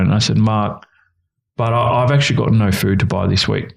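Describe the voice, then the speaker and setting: Deep-voiced man telling his story. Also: steady tone, unhurried, vocal fry, pauses often. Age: 30s. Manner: earnest, emotional, quotes others in his stories. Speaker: youth worker and guest. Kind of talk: candid personal storytelling.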